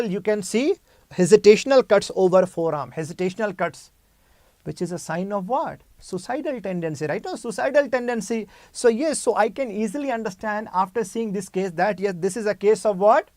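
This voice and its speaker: A man's voice: high-pitched, darkish tone, no room sound. A male medical lecturer teaching a clinical case, repeating key terms and asking rhetorical questions.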